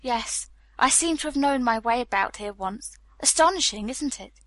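A woman reading the lines of a stiff, earnest young Boston gentleman in an audiobook, formal in manner. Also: a little high, lively intonation, moderate pace, no echo.

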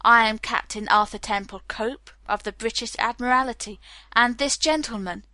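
A woman's voice: on the high side, moderate pace, pushed and bright, no room sound. A woman reading the part of a haughty, imperious middle-aged naval captain, stiff and formal. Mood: lofty.

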